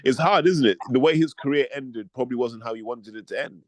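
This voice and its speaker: A man gives blunt, opinionated takes in a casual chat, filling his talk with "like". His voice is mid-pitched. The sound is close and dry. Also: brisk, dry recording. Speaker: podcast co-host.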